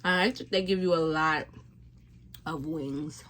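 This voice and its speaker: A woman's voice: low-pitched, unhurried, fairly bright tone. A woman vlogger chatting casually to her viewers between bites, rambling and laid-back. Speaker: mukbang vlogger. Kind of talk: casual eating chat to camera.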